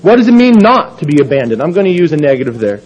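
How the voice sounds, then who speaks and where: High-voiced preacher giving a sermon. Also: male voice, sing-song, darkish tone, breathy edge, rough recording. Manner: measured, emphatic scripture reading.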